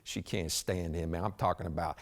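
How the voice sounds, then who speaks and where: A man's voice: sits low, fairly even intonation, fairly quick, close to an everyday voice. A man acting a one-man stage monologue as a rambling blue-collar husband talking to a police officer, saying "man" constantly and restarting his sentences. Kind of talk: theatrical monologue.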